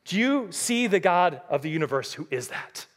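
A middle-aged man preaches as a pastor at a moderate pace, his pitch swinging widely. He is earnest and impassioned, moving from booming, emphatic statements to low, quiet ones.

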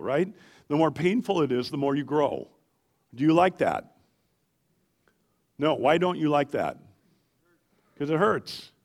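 Middle-aged male pastor, lively sermon delivery, questions thrown at the room, voice sitting a bit high. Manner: animated, asks the congregation questions.

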